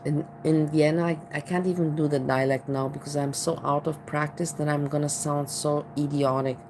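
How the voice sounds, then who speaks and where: An Austrian-accented woman chats in a loose, rambling way, circling back and repeating herself as she talks. Her voice sits a little low, and there is a faint hiss under the recording. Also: level tone, normal speed. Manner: rambling, with many restarts and repeated "you know". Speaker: vlogger. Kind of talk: casual chat.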